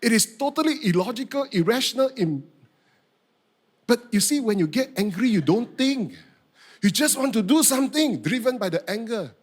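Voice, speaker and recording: Middle-aged pastor, lively, story-driven sermon delivery with sweeping pitch. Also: male voice, moderate pace. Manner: animated storytelling, acting out his own outbursts.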